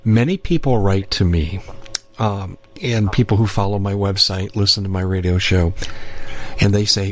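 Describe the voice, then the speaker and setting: A man's voice: lowish voice, moderate pace, slight background noise. A man hosting a radio interview, easygoing and chuckling as he shares stories. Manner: easygoing, chuckles while talking. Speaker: radio host. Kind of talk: casual interview chat.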